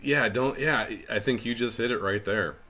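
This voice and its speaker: A middle-aged man from Northeast Ohio hosts a casual interview, relaxed, chatty and quick to crack a joke. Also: mid-range voice. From Northeast Ohio, United States. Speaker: interview host.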